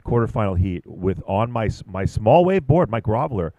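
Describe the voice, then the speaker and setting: Excitable surf commentator guy, lowish voice, dry booth mic, chatty and rambling. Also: normal speed, no echo, muffled recording. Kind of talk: live sports commentary.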